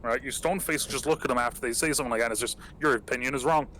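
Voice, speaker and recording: A man's voice: medium pitch, very fast, fairly bright tone, slight background noise, poor audio. A young man who grew up in England, hosting a podcast and telling rambling, profanity-laced stories in casual chat with plenty of fillers. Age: young adult. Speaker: podcast host.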